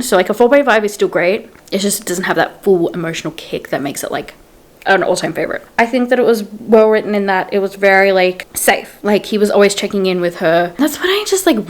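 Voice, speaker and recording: A young adult woman vlogging casual book-review chat, retelling scenes in quotes and saying "like" often. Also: mid-range voice.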